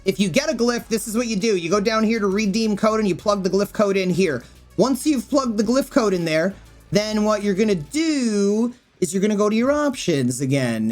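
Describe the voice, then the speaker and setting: A woman streamer walking viewers through game settings in a rambling, casual way, often thinking aloud with fillers. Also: medium pitch. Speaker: gaming streamer and YouTuber.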